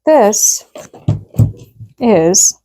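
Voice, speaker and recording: A woman's voice: medium pitch, very animated, extremely slow, warm tone, a little hiss or hum. A woman chatting casually as she demonstrates a home recipe in her kitchen, rambling and upbeat with lots of fillers. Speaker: home cooking vlogger.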